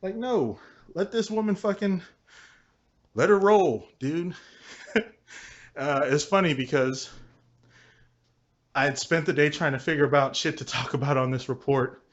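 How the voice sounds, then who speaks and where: A man's voice: a little high, measured pace, pauses often, no echo. A man casually telling a work story in a vlog, swearing a lot and laughing as he talks. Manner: profane, laughing often, animated storytelling. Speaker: vlogger. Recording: dull lo-fi recording with faint noise.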